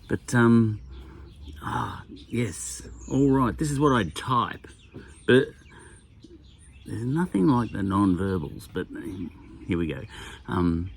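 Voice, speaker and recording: A man's voice: fairly low pitch, creaky, a little hiss or hum. An Australian man in his sixties, talking casually in a rambling podcast monologue, full of wry asides and chuckles. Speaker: podcast host.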